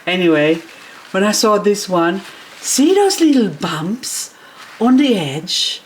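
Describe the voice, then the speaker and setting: Woman, plant vlogger, casual unboxing chat, excitable, gasping over each plant. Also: mid-range voice, slow, slight background noise. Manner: gushing, excitable, breaks into gasps and delighted exclamations. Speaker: succulent vlogger.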